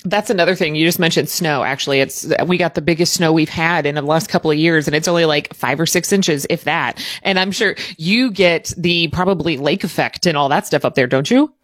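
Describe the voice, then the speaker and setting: A woman from Southern Indiana hosting a casual interview with an old college friend, chatty and quick to laugh. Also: low voice, no echo.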